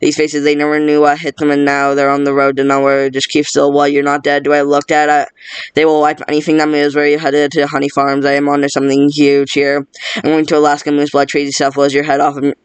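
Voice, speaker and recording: A man with a high-side voice races through an entire film script, reading every part himself in a completely flat, brisk delivery. He stumbles and restarts words as he goes, and the tone is clean and dry.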